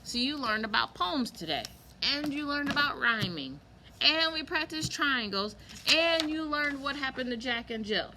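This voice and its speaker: A woman teaching a kindergarten lesson online, speaking slowly and clearly and stretching words for small children. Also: high voice, animated, background noise.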